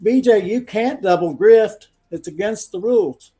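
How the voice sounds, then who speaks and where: A man joining a livestream panel as a guest, teasing and talking in halting restarts. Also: high voice, mellow, faint music behind. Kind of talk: casual livestream banter.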